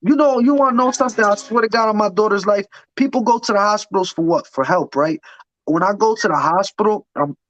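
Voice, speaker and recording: A man's voice: high voice, fairly quick, fairly bright tone, slight background noise. A man in an interview telling his life story candidly, emphatic and profane, often repeating words as he restarts. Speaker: interview guest. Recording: dull lo-fi sound, dry.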